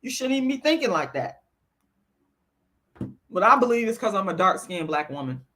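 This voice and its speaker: Fiery, bright-voiced woman ranting on a livestream. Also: mid-range voice, sing-song, normal speed, slight background noise. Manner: profane, blunt, worked up; shifts between lecturing and venting. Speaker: livestreamer answering chat. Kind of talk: heated livestream rant.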